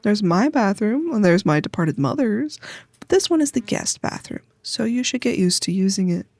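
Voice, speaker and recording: A woman voicing a grumpy, stingy young woman cousin in a game, curt and dry, with a gravelly edge. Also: mid-range voice, very animated, moderate pace, a little mellow, no room sound.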